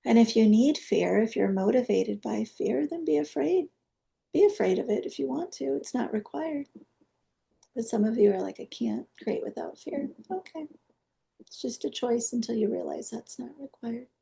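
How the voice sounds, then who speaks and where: Deep, gravelly woman leading a guided meditation. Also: lively intonation, moderate pace. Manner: soft, coaxing, prayer-like invocations. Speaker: energy healing teacher.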